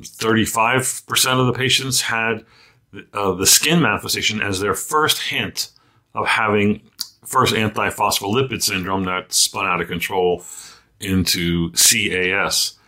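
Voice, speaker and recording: A man hosts a medical news podcast in a loose, conversational way. His voice sits fairly low but sounds bright and forward. He wanders into asides and fills pauses with plenty of ums and uhs. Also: fairly even intonation. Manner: chatty, loose, many fillers and asides. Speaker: podcast host, physician editor.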